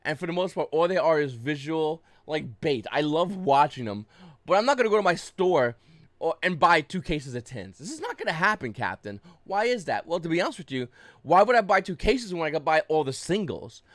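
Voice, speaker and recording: A man's voice: fairly high pitch, big pitch swings, a little fast, no echo, clean studio sound. A young adult man giving casual market commentary on camera, blunt and profane, flaring up into agitated rants. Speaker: YouTube card game market commentator.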